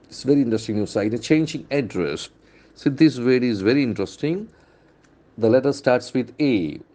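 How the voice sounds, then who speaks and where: A man's voice: mid-range voice, lively intonation, warm tone. A man with an Indian English accent teaching pronunciation from newspaper headlines, repeating words and spelling them out letter by letter. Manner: drills words aloud, repeating them slowly. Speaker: English trainer. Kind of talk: newspaper-based pronunciation lesson.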